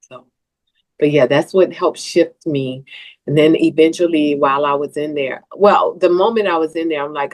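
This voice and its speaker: A woman's voice: sits low, normal speed, a little mellow. A woman guest on a podcast, telling a personal story in an earnest way that turns tearful at times. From Southern US.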